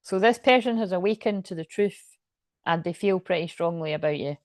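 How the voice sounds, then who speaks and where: Fairly quick and lowish-voiced, this Scottish woman gives a chatty, rambling tarot reading to camera. Swearing comes freely and so does laughter, and the recording is dry.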